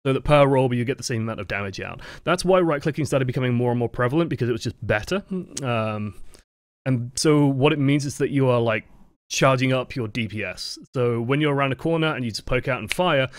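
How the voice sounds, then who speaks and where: Male game coach, mid-pitched, dry close sound, chatty explainer who corrects himself mid-sentence. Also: a little fast, no echo. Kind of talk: live-streamed coaching explanation.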